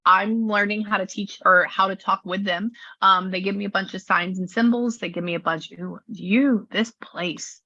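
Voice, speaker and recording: A woman's voice: mid-range voice, steady tone, moderate pace, few pauses, pushed and bright, lo-fi sound. A woman with a Southern US accent, a psychic medium chatting through a video session in a rambling way, full of filler words. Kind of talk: casual chat on a video session. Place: her new studio. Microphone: video call.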